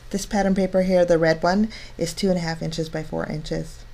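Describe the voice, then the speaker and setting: A middle-aged woman with a slightly low voice walks through a card-making tutorial step by step. She sounds chatty and cheerful, with easy fillers between steps. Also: steady tone, normal speed, a little mellow. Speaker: crafting channel host. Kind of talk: step-by-step craft tutorial voice-over.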